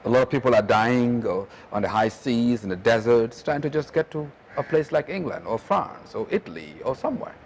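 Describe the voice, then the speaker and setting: A man from Gambia, asking an interview guest measured, prompting questions. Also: medium pitch, expressive, creaky, a little hiss or hum. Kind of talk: conversational interview.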